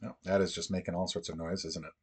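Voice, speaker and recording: A man hosting a casual livestream, thinking aloud in a halting, musing way as he works through puzzles. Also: low voice, little pitch movement, a little mellow, breathy edge, soft background music.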